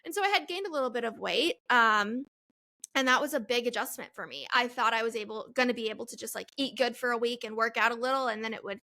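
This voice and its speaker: A woman's voice: a little high, fast talker, pushed and bright. A woman in her twenties hosting a solo Q&A podcast, talking in a chatty, rambling way and laughing at herself. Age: 20s. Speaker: podcast host. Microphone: headphones, studio-style mic.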